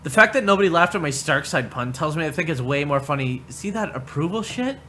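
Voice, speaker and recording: Man, livestream host, sarcastic and profane, bright voice, lively pitch swings. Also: a little fast, slight background noise. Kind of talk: casual livestream commentary.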